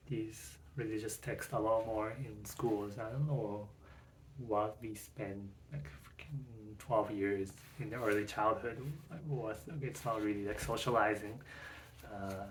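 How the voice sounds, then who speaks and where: A young man who is not a native English speaker, reading a book aloud slowly and correcting his slips, then reflecting casually with many fillers. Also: lowish voice, recorded from a distance, a little hiss or hum. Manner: careful, slow reading with self-corrections; rambling with many fillers when speaking freely. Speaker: self-recording reader practicing English.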